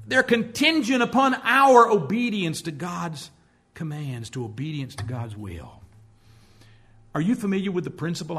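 A man with a high, bright and forceful voice preaching a sermon. He tells stories and acts out the people he quotes, and his delivery climbs and drops as he builds his points. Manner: storytelling preacher who acts out quoted speech. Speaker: pastor.

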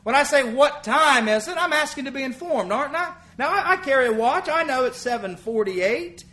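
Bright high-voiced man preaching earnestly. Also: lively intonation, a little fast. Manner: earnest, emphatic, quotes scripture, rhetorical questions to the congregation. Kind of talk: evening sermon. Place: church.

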